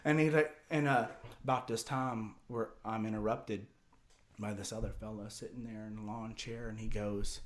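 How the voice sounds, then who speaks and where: A man telling a story on a casual podcast, animated and profane, often stammering and repeating words. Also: lowish voice, normal speed.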